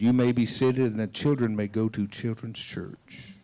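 A man reading scripture aloud in a service in a steady, measured way, then announcing the children's dismissal. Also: lowish voice. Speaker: scripture reader.

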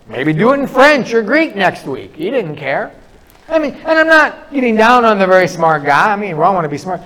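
A middle-aged man delivers a sermon in a notably high voice. He speaks earnestly, leaning on stories and drawing out phrases with pauses between them. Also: big pitch swings, a bit bright, poor audio. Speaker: preacher.

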